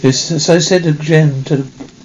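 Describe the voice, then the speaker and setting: A man reading every part of a film in a single-voice voice-over, halting over words and restarting lines, from a dull, lo-fi soundtrack. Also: a little high, fairly even intonation, a little mellow, a little hiss or hum. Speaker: single-voice film dub reader.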